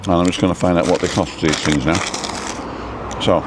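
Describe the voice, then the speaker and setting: A man's voice: low-pitched, steady tone, moderate pace. A man hosting a casual live stream from an outdoor food stop. He rambles between topics and reads out the names of viewers. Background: faint traffic and building work.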